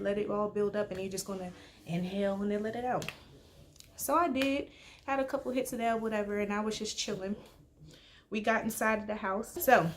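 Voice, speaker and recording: A woman's voice: medium pitch, a little hiss or hum. Slangy young woman telling a story. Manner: slangy, animated, heavy use of "like". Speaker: storytime vlogger. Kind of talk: casual storytelling.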